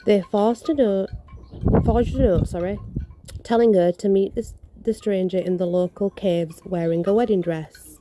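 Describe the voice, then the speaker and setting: Woman, vlogger, reading aloud outdoors, very bright sharp tone, self-correcting, casual asides. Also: medium pitch, a little slow, slight background noise. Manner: reads from notes, stumbles and corrects herself. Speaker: vlogger reading ghost stories.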